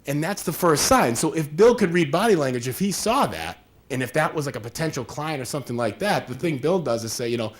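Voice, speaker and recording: A man's voice: a little high, animated, fairly quick, hardly any pauses. A man giving a conversational workshop presentation, acting out little scenes with quoted voices as he explains. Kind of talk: live workshop talk.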